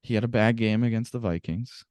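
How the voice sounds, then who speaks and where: Guy with a low voice on a sports podcast, dry close mic, tells stories all worked up and swears a lot. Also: fairly quick, clear, resonant tone, dry recording. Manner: animated storyteller, swears freely. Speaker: podcast co-host. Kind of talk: casual sports podcast chat.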